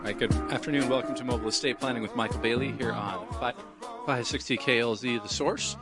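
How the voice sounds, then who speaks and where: A man's voice: medium pitch, brisk, over loud music. A man with hiccups hosting a radio talk show as an estate attorney, talking in a rambling, conversational way.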